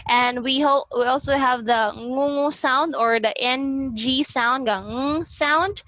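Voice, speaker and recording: A woman with a Filipino accent presenting a lesson on a video call, explaining slowly and repeating herself as she goes. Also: sits high, a bit bright, no echo, highs cut off. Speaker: student presenter in a class discussion. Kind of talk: online class presentation. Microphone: computer or headset mic on a video call.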